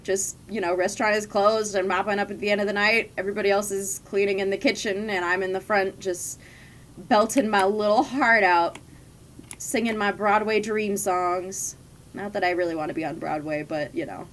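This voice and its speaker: A woman's voice: medium pitch, fairly even intonation, quick pace, few pauses, slight background noise. Chatty young woman streamer, rambling. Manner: rambling, chatty storytelling with frequent laughs. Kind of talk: casual chat while gaming.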